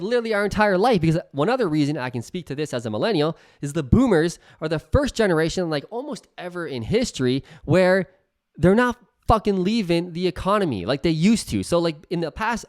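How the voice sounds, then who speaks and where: A slightly high-voiced man in his thirties talks straight to the camera in a casual, heated rant. He swears freely and slips into mocking impressions of the people he criticizes. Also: smooth. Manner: profane, heated, mocks others in put-on voices. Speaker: real estate commentator.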